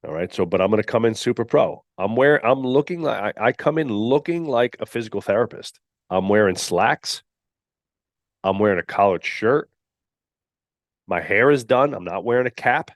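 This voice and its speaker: A man's voice: fairly low pitch, animated, normal speed, no echo, studio quality. A man hosting a podcast, giving a blunt, emphatic solo coaching talk that he keeps punctuating with "all right.". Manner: mocks candidates in put-on whiny voices. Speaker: podcast host and gym owner.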